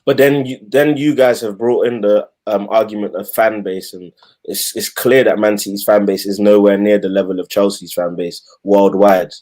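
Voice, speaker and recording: A man chats casually on a football panel, throwing questions back at the others. His voice sits on the low side. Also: fairly even intonation, moderate pace, a little mellow.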